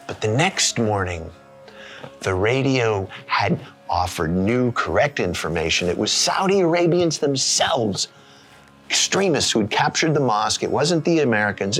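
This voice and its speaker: A man telling a personal story in an expressive way, with dramatic pauses. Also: medium pitch, creaky.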